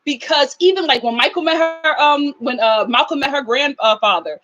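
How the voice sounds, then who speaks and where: Woman host, live aftershow commentary; high voice, animated, mimics people. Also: moderate pace, hardly any pauses, low-quality recording.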